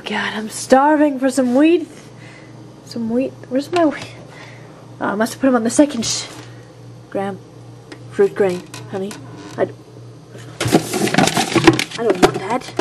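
A young woman acting in a home comedy sketch, mumbling and whispering groggily, then bursting into frantic shouts. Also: fairly high pitch, slight background noise. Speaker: comedic video sketch performer. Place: home kitchen.

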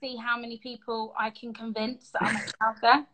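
A woman's voice: on the high side, level tone, normal speed, fairly bright tone. A woman in her twenties hosting a casual live-stream chat on her phone, chatty and enthusiastic. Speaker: host of an Instagram Live chat. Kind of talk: casual video-call chat.

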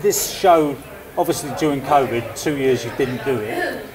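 A man hosts a casual chat at a tool show, joking and teasing as he goes. His voice sits a touch high, and a busy crowd murmurs all around him. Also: lively intonation, normal speed. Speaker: host. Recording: noisy crowd behind.

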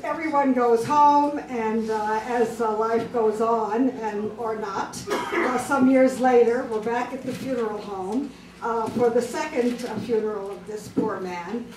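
A woman stand-up comic works through a string of jokes at an unhurried, drawn-out pace, with a fairly high voice. She pauses on fillers between lines. The sound is roomy and distant, taken from out in the club, with clear noise around her. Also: steady tone, a little mellow. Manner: deliberate, drawn-out joke delivery with filler pauses. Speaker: stand-up comedian. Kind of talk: stand-up joke telling. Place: comedy club stage.

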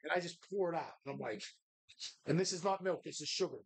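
A man's voice: fairly high pitch, fast talker, gravelly, husky. A man hosting a live bar show, chatting casually in a rambling, profane, jokey way.

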